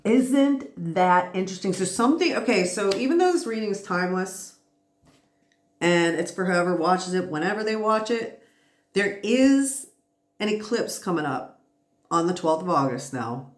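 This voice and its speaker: A tired woman giving a casual, reassuring spiritual tarot reading, chatty and quick to laugh. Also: lowish voice. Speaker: tarot reader. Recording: roomy echo.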